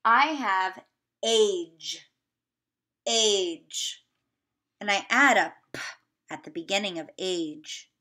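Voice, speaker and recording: A woman teacher giving a remote video lesson to young children, sounding out words slowly and encouraging them. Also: medium pitch, animated, bright, forceful tone.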